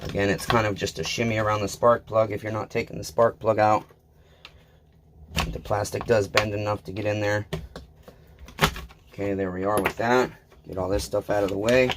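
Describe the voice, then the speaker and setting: A man's voice: on the low side, level tone, moderate pace, pauses often, noisy background. A man talking casually to his viewers while he repairs a chainsaw, blunt and self-deprecating, with rambling asides. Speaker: small engine repair vlogger.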